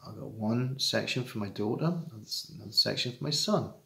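A middle-aged man with an earnest, halting manner, talking straight to fellow fathers in a heartfelt personal monologue. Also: lowish voice, lively intonation, vocal fry, a bit bright, roomy sound. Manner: earnest, halting, with many restarts and repetitions. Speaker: father giving advice to estranged dads.

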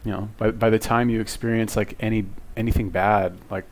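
A man's voice: on the low side, level tone, a little fast. A man giving casual reaction commentary on a video, blunt, profane and exasperated, lecturing his viewers.

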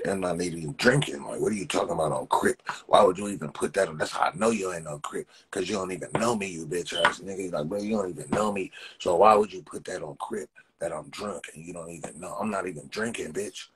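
A man's voice: sits low, fairly bright tone, a little hiss or hum. A man hosting a casual livestream, ranting and mocking viewers in profane street slang, repeating himself. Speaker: livestream host.

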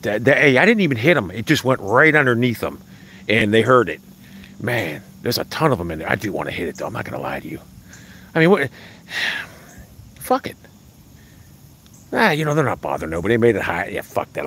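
An excitable man rambles to his live-stream viewers from outdoors, his voice picked up by a phone. His pitch swings widely as he chatters and swears. Faint insect and outdoor ambience sits under him. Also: slight background noise. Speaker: livestreamer. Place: outdoors by a hill.

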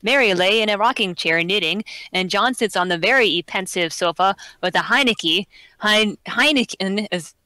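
A woman co-hosting a comedy podcast, reading stage directions in a table read, with deadpan asides between frequent giggles. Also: mid-range voice, moderate pace, dry recording.

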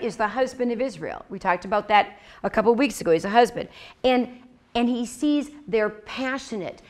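A woman teaching a Bible lesson in a conversational way. She often repeats her phrases and checks in with her listeners, and she acts out the words she quotes. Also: medium pitch. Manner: animated, acts out God's words.

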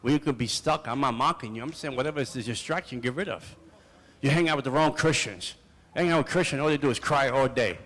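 A man's voice: medium pitch, quick pace, a bit bright, in a large hall. An older man preaching at a seminar, firing off repeated rhetorical questions in short, punchy phrases.

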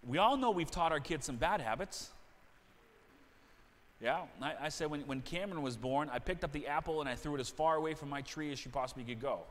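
Baptist pastor preaching in a reverberant church. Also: male voice, fairly high pitch, brisk, fairly bright tone. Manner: conversational preaching with repeated words and restarts. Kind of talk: sermon. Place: church sanctuary.

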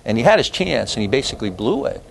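A man's voice: medium pitch, sing-song, fast talker, gravelly, a little hiss or hum. A man lecturing a history class in a loose, digressive way, full of fillers and asides.

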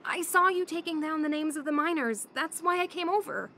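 Woman voicing a worried wife, high voice, soft and pleading, faint background noise. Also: a little fast. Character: worried woman searching for her missing husband.

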